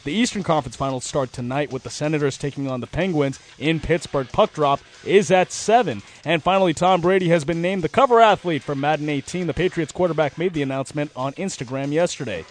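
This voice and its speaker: A man hosting sports radio with a slightly raised pitch. He reads scores briskly and slips into loose, chatty banter. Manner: brisk scripted reads, then laughing banter. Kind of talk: sports news update and casual studio chat.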